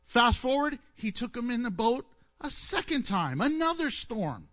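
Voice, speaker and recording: A man preaching a sermon, telling stories with questions to the listeners and acting out the quoted voices. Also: unhurried. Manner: animated storytelling, asks the audience questions and answers them; acts out quoted voices with swings in pitch and loudness.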